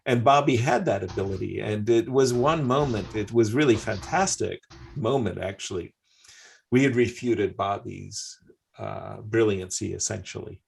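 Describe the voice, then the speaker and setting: Older chess commentator, gravelly voice. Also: male voice, lowish voice, moderate pace, slight background noise. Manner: animated anecdotes with laughing asides. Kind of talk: casual storytelling commentary.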